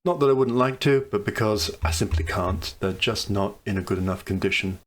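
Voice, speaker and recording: A man's voice: lowish voice, fairly quick. A man giving casual commentary on a strategy game he is playing, thinking aloud over each choice with dry, wry asides. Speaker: let's play commentator.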